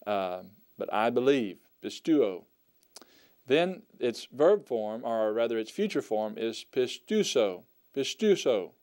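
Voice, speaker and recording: A man teaching a recorded Greek lesson, speaking slowly and deliberately and repeating each word and meaning for his students. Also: medium pitch, lively intonation, a little mellow. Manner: slow, deliberate, repeats words for emphasis.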